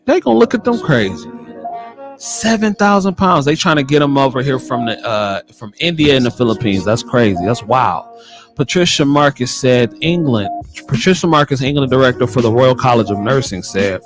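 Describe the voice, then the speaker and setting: An American man hosting a nursing podcast, reading news items aloud and reacting bluntly with animated exclamations. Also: medium pitch, moderate pace, music in the background. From United States. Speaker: nurse podcast host. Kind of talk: casual commentary on news articles.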